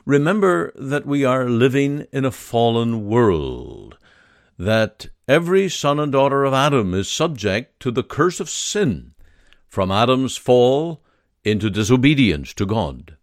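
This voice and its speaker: A man delivers a devotional sermon, reading scripture and leading a prayer. His delivery is slow and measured, with lively, expressive pitch. He is recorded close to the mic in a dry room. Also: no room sound. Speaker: preacher.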